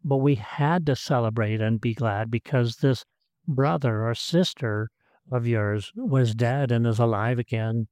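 A pastor preaching in a sermon, his voice at an ordinary man's pitch. He speaks earnestly and repeats his words, rising to emphasis and then dropping low. The sound is dry and close to the mic. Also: unhurried, a little mellow, dry recording.

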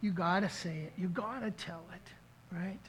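The middle-aged pastor preaching at this church service tells a story earnestly, often restarting. He speaks a little slowly in a high-pitched voice, and the rough recording carries a little hiss or hum.

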